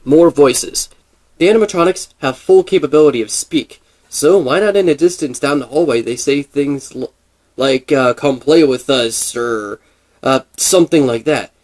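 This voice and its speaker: A man's voice: fairly high pitch, normal speed, darkish tone. A man in casual gaming commentary, rambling and thinking aloud with many fillers and restarts. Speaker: gaming video creator.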